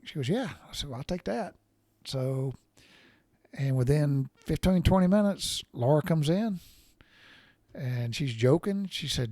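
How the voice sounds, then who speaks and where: A man's voice: on the high side, dry recording. A middle-aged man, casually telling a rambling, profane story while sore from recent surgery. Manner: folksy, profane, rambling with restarts. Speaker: podcast storyteller.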